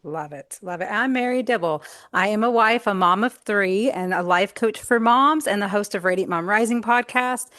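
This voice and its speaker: A woman's voice: mid-range voice, normal speed, a bit bright, no echo, studio quality. A woman guest coach in casual panel chat, speaking in an earnest, conversational way.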